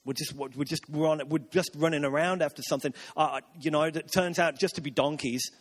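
High-voiced preacher. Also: male voice, fairly even intonation, brisk. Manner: conversational, rambling with restarts and asides. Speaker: pastor. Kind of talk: sermon.

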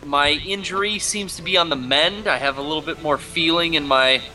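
A man's voice: a little high, moderate pace, pushed and bright. A laid-back man from San Diego chatting casually on a podcast. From San Diego, California.

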